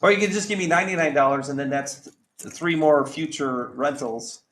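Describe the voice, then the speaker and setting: A man teaching math to a class, his voice sitting a bit high for a man. He talks in a chatty, joking way and throws in exasperated asides. The classroom sounds roomy and echoey, with faint ambience behind him. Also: a little fast, a bit bright, slight background noise.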